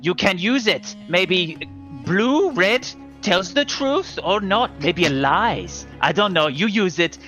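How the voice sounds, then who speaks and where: A man's voice: sits high, lively intonation, pushed and bright, soft background music, full character voice. A man playing a hammy evil wizard in an improvised comedy sketch, theatrical and jokey. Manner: theatrical, jokey, drawn-out phrases. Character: hammy evil wizard, oddly Italian-tinged.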